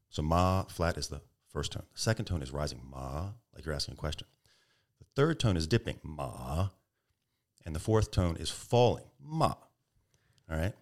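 A middle-aged man, a podcast guest, telling stories animatedly and acting out the quotes. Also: extremely low pitch. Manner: animated storyteller, acts out tones and quotes. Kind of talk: storytelling interview.

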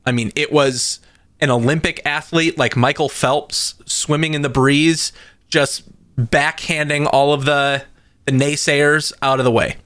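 Animated man telling a story on a podcast. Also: fairly high pitch, measured pace, no echo. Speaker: podcast co-host. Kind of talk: casual chat.

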